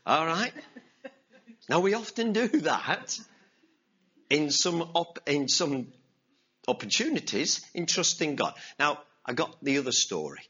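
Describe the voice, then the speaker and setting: A man preaching a sermon as pastor, telling stories with animated acted-out voices and asking the congregation to respond. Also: fairly high pitch, measured pace, long pauses, breathy edge, lo-fi sound. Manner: animated storyteller, acts out voices. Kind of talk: sermon with story and call-and-response.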